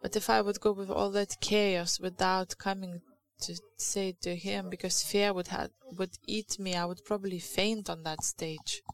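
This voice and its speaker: A woman's voice: mid-range voice, steady tone, measured pace, few pauses, low-quality recording. A woman with a Lithuanian accent preaching a sermon in English, her second language, in a candid, confessional way with frequent halts and restarts.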